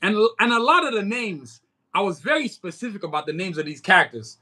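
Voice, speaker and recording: Casting: male livestream host, American accent with a Nigerian edge, high and forceful voice, loose slangy rambling. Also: sing-song, a little fast. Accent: American with a Nigerian touch. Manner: slangy, rambling, keeps saying "you know what I'm saying". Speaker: livestream host and comic creator. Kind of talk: casual livestream chat.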